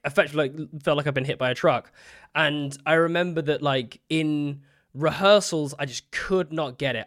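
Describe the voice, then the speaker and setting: This podcast co-host speaks in a mid-range, fairly bright voice, chatting casually. He rambles with lots of fillers and laughs easily.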